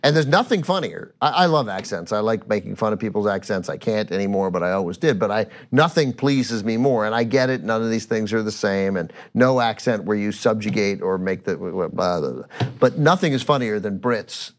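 A man's voice: fairly low pitch, lively intonation, brisk. A man co-hosting a casual comedic podcast, emphatic and repeating his phrases as he riffs. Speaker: podcast co-host.

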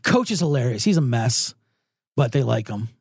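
Man, podcast host, sarcastic rants, animated up-and-down voice, dry close sound. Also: mid-range voice, moderate pace, breathy edge, no room sound. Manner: rambling, sarcastic rants with self-deprecating jokes. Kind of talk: solo sports betting podcast with ad reads.

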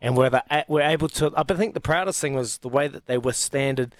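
Here a New Zealand ex-rugby player joins a sports radio show for a relaxed chat, his accent clear. His medium-pitched voice moves a little fast on a dry recording, and his eager sentences often start over.

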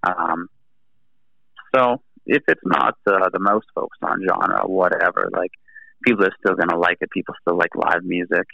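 Laid-back canadian guy, deep and gravelly, kinda muffled lo-fi audio, rambles with lots of ums. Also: steady tone, moderate pace, dry recording. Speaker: band singer and guitarist, guest. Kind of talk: casual interview chat.

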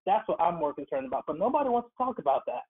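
A man's voice: sits high, big pitch swings, rapid-fire, a crowd in the background. A man calling in as a guest, telling his story in an earnest, emphatic way. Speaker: guest, occupational therapist. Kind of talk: casual interview by phone. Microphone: phone call. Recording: tinny phone line.

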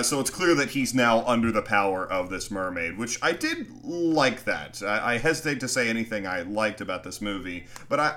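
A lower-pitched man with a bright, forceful edge to his voice, talking through a film in casual podcast chat. He swears freely and keeps jumping into animated impressions of the characters and the filmmakers, tumbling from one point to the next. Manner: animated, profane, acts out scenes in quoted voices. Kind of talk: casual movie review chat.

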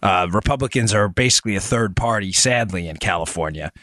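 A man's voice: lowish voice, lively intonation, brisk, fairly bright tone, dry recording. A man hosting a political talk show, explaining points in an emphatic, digressive way and speaking straight to his listeners. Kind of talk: conversational political monologue.

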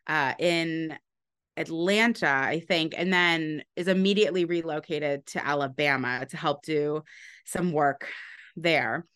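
A woman's voice: on the low side, fairly bright tone. A woman historian answering interview questions, thoughtful and explanatory, with frequent fillers and restarts. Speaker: author and historian being interviewed.

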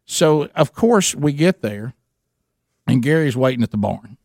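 A man telling an animated story with lots of restarts, chatting casually as co-host. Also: medium pitch, measured pace, dry recording, studio quality. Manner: animated storyteller, many restarts, imitates others.

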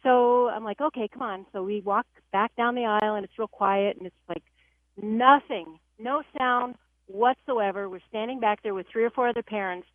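Woman in her 60s, caller, chatty storyteller, slightly high voice, tinny phone line. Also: normal speed, dry recording. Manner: chatty storyteller, builds to punchline. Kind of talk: telling a funny family story.

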